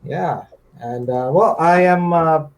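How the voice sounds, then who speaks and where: A man's voice: on the high side, slow pace, rough recording. A man in his thirties from India, a guest on a livestream, talking hesitantly with many fillers and easy laughs. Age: 30s. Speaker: debate guest. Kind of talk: casual livestream chat.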